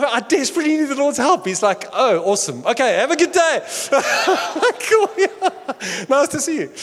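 A man preaching a sermon as pastor, animated and playful, acting out quoted voices with bursts of laughter and shouting. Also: extremely high pitch, big-room sound.

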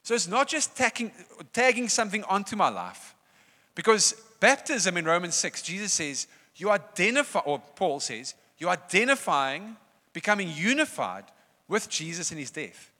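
A man preaching a sermon in a conversational, animated way, often laughing. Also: sits high, moderate pace. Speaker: pastor. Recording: long reverb of a church hall.

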